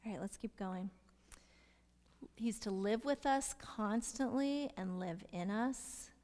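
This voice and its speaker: A middle-aged woman teaching a Bible study, asking her listeners questions and sometimes dropping into soft whispers to stress a point. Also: medium pitch, slow pace. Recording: long hall reverb.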